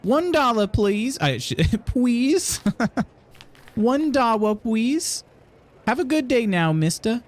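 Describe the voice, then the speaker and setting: A woman's voice: on the high side, big pitch swings, slow pace, pitched above the performer's own voice. A woman voicing an eager young newspaper boy calling out to sell papers. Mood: chirpy.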